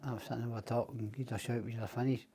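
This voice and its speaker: A man's voice: mid-range voice, steady tone, quick pace, creaky, mellow, breathy edge. A middle-aged Scottish man, a podcast guest, telling rambling, profane stories and acting out the other people's lines. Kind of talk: casual storytelling.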